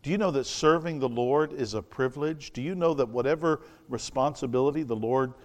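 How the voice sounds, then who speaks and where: A man preaching an evening sermon, reading scripture slowly and asking the congregation rhetorical questions. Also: mid-range voice, a little mellow, big-room sound.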